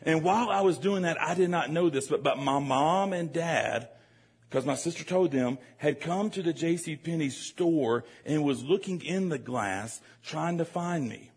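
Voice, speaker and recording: A man delivers a sermon, his voice slightly husky and a touch higher than most. He talks straight to the congregation, animated and joking. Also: unhurried. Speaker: preacher. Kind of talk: storytelling sermon.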